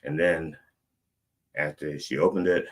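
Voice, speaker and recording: A middle-aged man, the show's comedic preacher host, telling a rambling, animated story and swinging between loud and soft. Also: rumbling low, a little slow.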